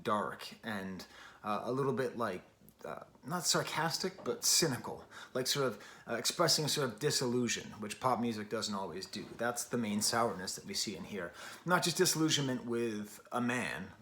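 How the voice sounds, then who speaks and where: A middle-aged man hosting a casual record review, rambling and wry. His voice sits at a middle pitch, and he wanders off into chatty asides before coming back to his point. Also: fairly bright tone, slight background noise. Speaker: music review host.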